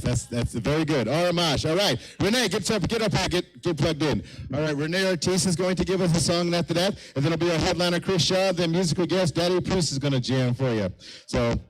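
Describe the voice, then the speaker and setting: Upbeat man emceeing a comedy night. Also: fairly high pitch. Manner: upbeat, hurried, repeats phrases. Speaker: comedy show host. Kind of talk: live emcee announcements.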